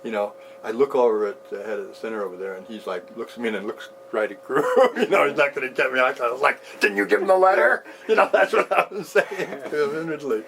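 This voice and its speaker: A man in his sixties recounting a personal story in an interview, animated and often laughing as he talks. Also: medium pitch, fast talker, hardly any pauses.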